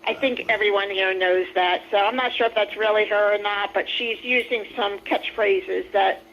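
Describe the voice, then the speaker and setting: A woman's voice: medium pitch, fairly even intonation, normal speed, lo-fi sound, a little hiss or hum. A woman calling into a livestream, ranting indignantly and repeating herself. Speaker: call-in guest. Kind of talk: heated ranting on a stream call.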